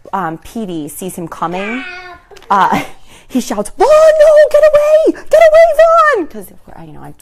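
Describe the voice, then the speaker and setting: A woman hosting a casual chat, laughing often as she tells funny stories and acts out a toddler's shouts. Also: on the low side, noisy background. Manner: laughs often between sentences; amused, storytelling. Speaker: host.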